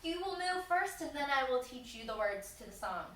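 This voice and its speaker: A woman's voice: high-pitched, very animated, fairly quick. A woman music teacher leading a children's lesson, cheerfully explaining, singing song lines and guiding movements. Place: room with a piano. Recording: roomy echo, voice somewhat off-mic, piano.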